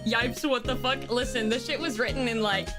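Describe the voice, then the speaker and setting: A woman's voice: fairly high pitch, steady tone, normal speed. A woman streaming a game, giving crude, playful commentary, swearing a lot and laughing often. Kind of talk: let's play commentary. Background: loud game music.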